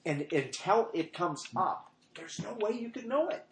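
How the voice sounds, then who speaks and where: A middle-aged pastor with a high, animated voice gives an informal sermon at a moderate pace. He rambles conversationally through personal stories, raising his voice to act out what people said. The room is echoey, with faint noise.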